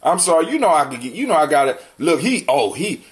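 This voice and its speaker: A man's voice: on the high side, very animated, fast talker. A middle-aged man hosting a livestream, ranting in a profane, confrontational and mocking way. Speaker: livestream host. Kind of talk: heated livestream rant.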